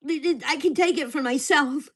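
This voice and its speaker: A woman's voice: high voice, moderate pace. An older woman venting angrily and profanely in a casual vlog rant. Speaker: vlogger.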